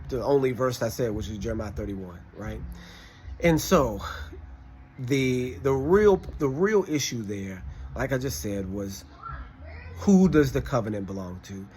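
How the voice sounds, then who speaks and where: A man's voice: mid-range voice, a little hiss or hum. A man telling a personal story in a casual way, emphatic, often acting out what people said. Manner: animated, emphatic, quotes others in conversation. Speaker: storyteller recounting a classroom experience.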